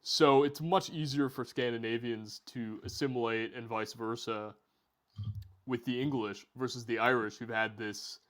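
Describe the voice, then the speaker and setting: Chatty man explaining at a relaxed pace. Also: medium pitch, moderate pace. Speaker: podcast guest. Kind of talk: casual podcast conversation.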